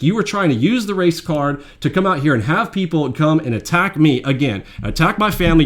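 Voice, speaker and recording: Guy ranting hard on his trading channel, mocking and indignant, gets loud then mutters low. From Mexican heritage. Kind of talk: heated commentary rant.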